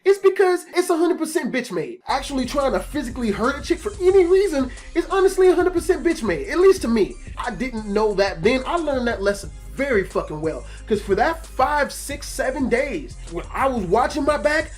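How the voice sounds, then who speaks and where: A man recounts a story in a loose, profane monologue, his delivery running hot and emotional. Soft music plays faintly behind him. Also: very high-pitched, sing-song, brisk, few pauses. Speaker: YouTube storyteller.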